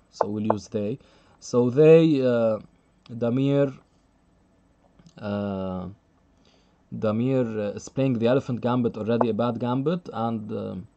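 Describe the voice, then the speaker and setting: A man's voice: medium pitch, vocal fry, warm tone, lo-fi sound. A man commentating live chess on a stream, chatty and thinking aloud, laughing often and reading out the chat.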